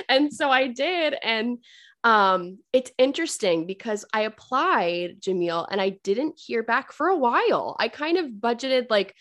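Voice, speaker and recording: A woman guest on a podcast, telling a personal story in casual chat, full of "like" fillers and acting out what others said. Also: moderate pace. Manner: chatty, many "like" fillers, acts out quoted voices; lively, swings up in pitch on quotes.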